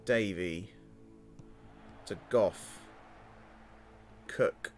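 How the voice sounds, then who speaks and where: In a low, very slow voice, a gaming channel host casually commentates a football management game with faint music in the background. He's excitable and speaks directly to the game's players, urging them on.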